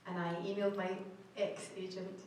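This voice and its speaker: A Scottish woman answers fans on a convention panel, chatty and quick to laugh, often breaking off and starting her sentences again. She sounds distant and washed in heavy hall echo, with a faint hum of noise underneath. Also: lowish voice, level tone, darkish tone. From Scotland. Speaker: guest actor on a convention panel. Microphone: camera in the audience, far from the stage. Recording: echoey hall recorded from far off.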